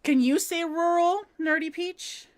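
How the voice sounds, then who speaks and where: A woman's voice: very high voice, measured pace. A woman chatting casually on a home livestream while crocheting, giggling often and reading viewers' comments aloud. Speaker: livestream host.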